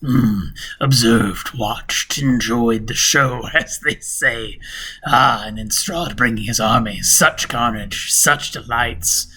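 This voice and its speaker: A man voicing an ancient, sinister male entity that is cryptic and amused, speaking slowly with soft whispers in a tabletop game. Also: mid-range voice, husky, full character voice. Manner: slow, savoring, with soft chuckles and hissed whispers. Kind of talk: game master voicing a character.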